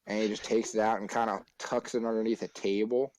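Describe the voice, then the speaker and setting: Young male podcast co-host, lowish voice, easygoing storyteller. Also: brisk, a little hiss or hum, poor audio. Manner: animated storyteller who acts out quoted voices. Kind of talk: casual storytelling chat.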